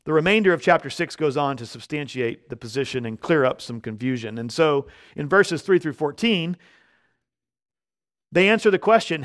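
Emphatic male pastor preaching. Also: a little high. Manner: emphatic, rising loud on key words; slows down when quoting scripture. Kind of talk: sermon.

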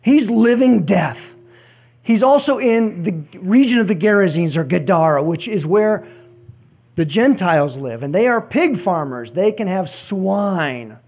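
A man with a fairly high voice delivers a sermon. He talks conversationally, slipping in jokes and asides as he retells the story. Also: expressive, measured pace, a little mellow, husky. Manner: joking, conversational preaching with asides. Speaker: pastor.

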